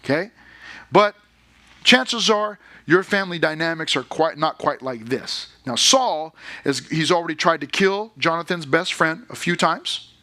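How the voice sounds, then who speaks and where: A man's voice: fairly high pitch, pushed and bright. A man pastor giving a sermon to a youth congregation in a conversational way, reading scripture and checking in with questions. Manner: conversational, asks the listeners questions.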